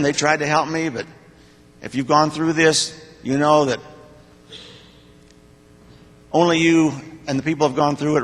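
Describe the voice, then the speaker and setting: Before his church congregation, an older man gives a personal testimony as a church member, plain-spoken and heartfelt, often pausing and restarting. His ordinary male pitch is a bit bright and rings through the long reverb of the church hall.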